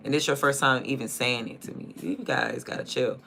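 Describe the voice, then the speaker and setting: Creaky, bright DMV-accented streamer man. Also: mid-range voice, fairly even intonation, a little fast, hardly any pauses, soft background music. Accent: DMV (Washington, D.C. area). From Prince George's County, Maryland. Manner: rambling, thinks aloud, trails off mid-sentence. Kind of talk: casual livestream chat.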